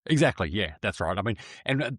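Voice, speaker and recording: A man co-hosts a casual podcast and retells a story in a loose, chatty way, laughing often. His voice is slightly low. The close mic sounds dry. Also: big pitch swings, fast talker, a bit bright, no echo. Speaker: podcast co-host.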